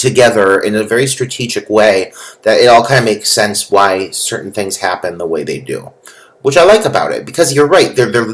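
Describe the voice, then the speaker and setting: A man's voice: on the low side, poor audio. A man co-hosting a film podcast, giving wry, joking commentary with casual swearing. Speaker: podcast co-host. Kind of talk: casual film review chat.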